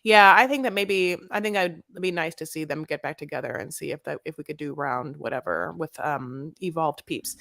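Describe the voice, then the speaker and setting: A woman's voice: low voice, normal speed, hardly any pauses, fairly bright tone, no echo. A young woman co-hosting a podcast, chatty and rambling as she recaps and signs off the episode. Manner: chatty, rambling, lots of fillers. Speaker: podcast co-host. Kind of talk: casual recap chat and sign-off.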